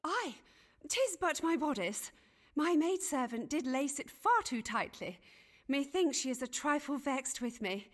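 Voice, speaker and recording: A woman's voice: sits high, big pitch swings, a little slow. An actress voicing a fussy, self-important Elizabethan noblewoman who chatters in archaic phrasing, in a video game. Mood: gossipy. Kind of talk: game voice acting.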